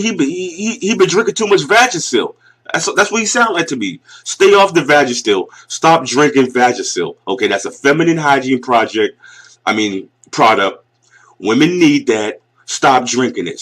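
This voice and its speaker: A man's voice: medium pitch, lively intonation, moderate pace, a bit bright. A man in his forties with a Northeastern US accent, ranting bluntly and mockingly as a YouTube commentator reacting to a clip. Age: 40s. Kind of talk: reaction rant.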